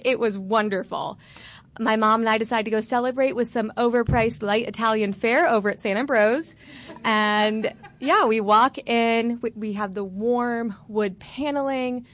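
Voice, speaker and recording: A woman's voice: medium pitch, fairly bright tone. A woman in her twenties from Florida, telling a personal story on stage with a candid, wry, self-mocking manner. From Florida, USA.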